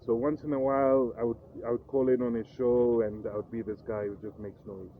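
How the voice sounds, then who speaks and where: A man's voice: medium pitch, brisk. A middle-aged man with a Kenyan accent, a guest telling his story in a casual interview, acting out voices as he goes. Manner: animated storyteller who acts out voices. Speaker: guest, radio personality. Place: hotel. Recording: tinny phone-like sound, faint noise.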